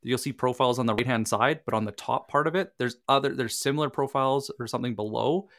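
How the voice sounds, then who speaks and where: A man co-presenting a casual workshop, explaining calmly and steadily, with some restarts. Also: medium pitch, fast.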